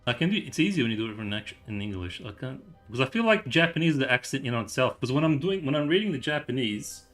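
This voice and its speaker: A man's voice: mid-range voice, big pitch swings, fast talker, a bit bright, faint music behind. A man streaming a story game, chatting casually with his viewers and reading the game's dialogue aloud in a rambling, easygoing way. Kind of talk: casual gameplay commentary and story read-aloud.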